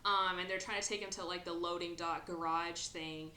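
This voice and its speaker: A woman chats loosely through a movie plot, stringing it together with "like" and little acted-out quotes. Her voice is low for a woman and bright, with a roomy echo around it. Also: steady tone, moderate pace, a little hiss or hum. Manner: rambling retelling with many fillers and acted quotes. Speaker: podcast host. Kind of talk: casual movie recap chat.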